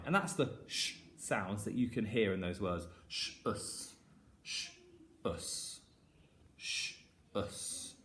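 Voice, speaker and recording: A man teaching a phonics lesson to primary school children, sounding out each word slowly and clearly and praising often. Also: medium pitch, a bit bright. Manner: encouraging, with frequent praise. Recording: echoey room.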